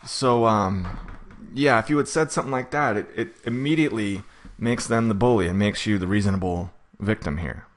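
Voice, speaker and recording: A man coaching a client for a courtroom hearing, talking fast and acting out what the judge and defendant might say. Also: fairly low pitch. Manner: fast-talking, self-admittedly rushed; acts out judge and defendant lines in quick asides. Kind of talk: coaching session recap.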